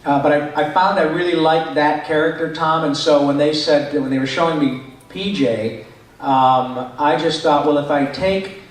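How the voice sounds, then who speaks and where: A man, a voice actor, answering fan questions at a convention panel in an animated way, now and then slipping into character voices. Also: on the high side, normal speed. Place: large echoey convention hall. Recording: echoey hall picked up from far off.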